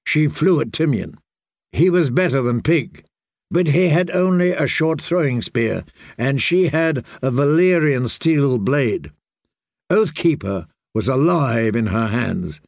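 A man reading an audiobook aloud, slow and deliberate, with a gravelly texture to his fairly high voice. The recording is dry and close, with no room sound. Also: darkish tone, dry recording. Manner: measured, deliberate storytelling. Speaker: narrator. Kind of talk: audiobook narration.

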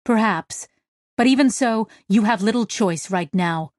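A woman voicing a stern alien captain who speaks in a formal, measured, menacing way. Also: medium pitch, no echo, studio quality, natural voice.

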